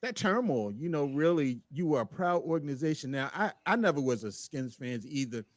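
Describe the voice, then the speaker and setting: A man's voice: a little high, brisk, no room sound. A man, hosting a casual sports podcast and trading teasing banter. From Baltimore. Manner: animated, laughing, teasing banter.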